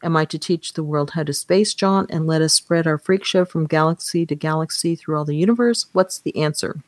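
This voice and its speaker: A woman's voice: low voice, a little fast, no room sound, lightly acted. A woman reading out the lines of a troubled, driven man who is searching for answers, in an earnest, questioning way close to her own voice.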